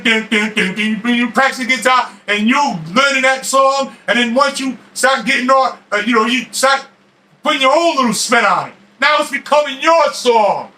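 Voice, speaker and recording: A middle-aged man and boxing expert, ranting fiercely to camera in streetwise slang, often shouting and stumbling over his restarts. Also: very high voice, poor audio. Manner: fiery, shouting, stammering restarts.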